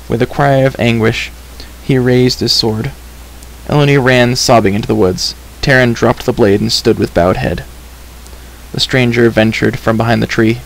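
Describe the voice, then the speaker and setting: A male storyteller reads a children's book aloud in a gentle, unhurried way. His mid-pitched voice has a gravelly, creaky grain. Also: fairly even intonation, low-quality recording.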